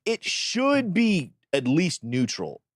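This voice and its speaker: A man co-hosting a crypto show in casual chat, teasing his partner in quick back-and-forth banter. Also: a little high, huge pitch swings, no echo, clean studio sound.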